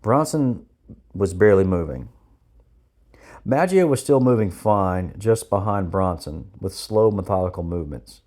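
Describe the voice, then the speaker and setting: A man reading his own memoir aloud with steady, plain storytelling. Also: low-pitched, a little slow. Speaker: narrator of his own military training memoir. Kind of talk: read memoir narration.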